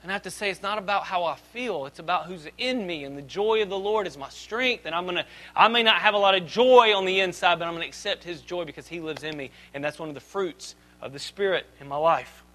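A man in his thirties preaching a sermon as pastor, swinging between loud emphatic lines and quiet asides. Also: sits high, fast talker, hardly any pauses, low-quality recording.

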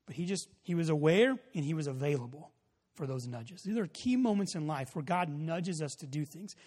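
A man preaching a sermon, telling a story in a loose, casual way with many fillers, then building to loud emphasis. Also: fairly high pitch, expressive, moderate pace, breathy edge. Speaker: pastor. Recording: long hall reverb.

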